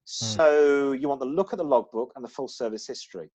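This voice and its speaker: A man's voice: mid-range voice, a little fast, darkish tone. A man co-hosting a casual podcast, talking in a chatty, rambling way with frequent restarts. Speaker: podcast co-host. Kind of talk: casual chat.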